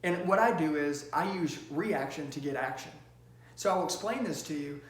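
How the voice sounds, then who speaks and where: High-pitched, pushy male sales coach. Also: normal speed. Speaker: sales trainer. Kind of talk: motivational sales training talk. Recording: roomy echo.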